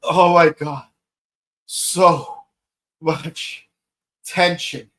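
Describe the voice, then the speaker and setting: A man in his thirties hosting a podcast, gushing through an excited solo review with many fillers and exclamations. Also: fairly high pitch, extremely slow. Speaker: podcast host reviewing an episode.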